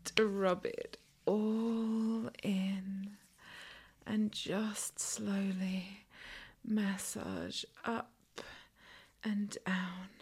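A woman in a whispered role-play as a masseuse, talking in slow, teasing, breathy whispers. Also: medium pitch, a little mellow.

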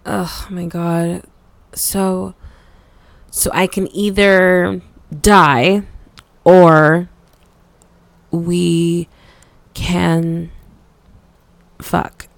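A woman's voice: mid-range voice, slow pace, gravelly, long pauses, no echo. A woman playing a flustered, stammering young woman. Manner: stammering, swearing, many fillers. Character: flustered, frustrated young woman, blunt and anxious. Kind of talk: audio role-play.

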